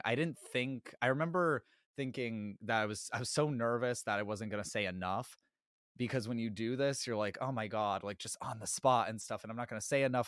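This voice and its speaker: A man's voice: fairly low pitch, a bit bright, clean tone, dry recording, studio quality. A young man hosting his own podcast in a casual, rambling solo Q&A, laughing often and apologizing a lot, his throat sore. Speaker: podcast host.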